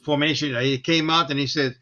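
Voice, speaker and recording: A man's voice: a little high, steady tone, brisk, bright, forceful tone, lo-fi sound. A man chatting casually on a video call, recalling old movies. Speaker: participant in a group chat. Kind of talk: casual chat.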